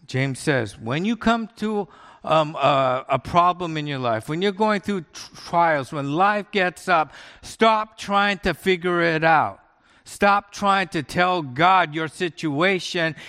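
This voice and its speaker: Pastor preaching in a reverberant hall. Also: male voice, a little high, a bit bright. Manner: conversational storytelling preaching with laughs. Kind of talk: sermon.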